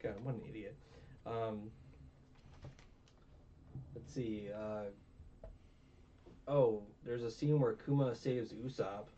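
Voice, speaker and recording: A man's voice: fairly low pitch, fairly even intonation, takes it slowly, pauses often, warm tone. A tired young man hosting a casual review chat, rambling with many fillers and self-mocking asides. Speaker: podcast host. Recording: distant, dull mic with faint noise.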